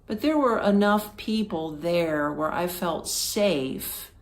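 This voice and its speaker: Chatty lower-voiced American woman storyteller. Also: slow pace. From Florida, United States. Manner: chatty, with many fillers and acted-out quotes. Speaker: podcast host. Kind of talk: casual storytelling.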